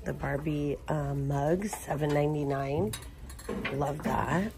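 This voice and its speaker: A woman's voice: low-pitched, takes it slowly, a crowd in the background. A woman narrating a casual shopping walkthrough, chatting as she reads out prices and product labels. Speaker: shopping vlogger. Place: inside a large retail store.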